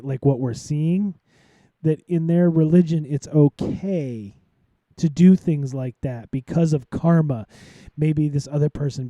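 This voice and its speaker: A man co-hosts a live podcast, his voice very dark and mellow, sitting a touch higher than most men's. He rambles through restarts and fillers and sounds tired, with exasperated asides. The sound is dry and close, with no room echo. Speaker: podcast co-host.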